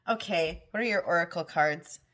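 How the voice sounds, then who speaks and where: Low-voiced woman musing through a tarot reading. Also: moderate pace, heavy background noise. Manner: thinks aloud, musing and chatty. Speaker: tarot reader.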